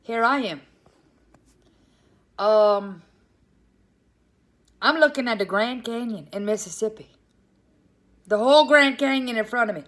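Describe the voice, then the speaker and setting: A woman with a Cajun Louisiana accent telling a comic story in a casual, animated way, calling her listeners "y'all". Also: fairly high pitch, measured pace, long pauses.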